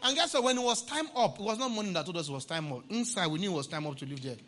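A male pastor preaching a sermon, playful, often laughing and breaking into shouts. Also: high-pitched, lively intonation, very fast.

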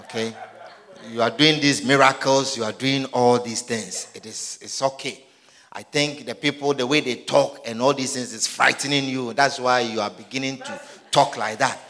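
A man voicing an older male disciple who calmly talks down to a younger man, in a quiet, soothing tone. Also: mid-range voice, moderate pace, voice pushed down. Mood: patronizing. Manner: hushed, soothing, talking down. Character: condescending older male disciple, calm, patronizing.

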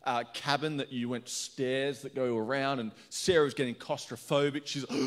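A middle-aged man from Australia preaching a sermon, energetic and chatty, telling stories with laughs. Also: fairly high pitch, moderate pace. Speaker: pastor.

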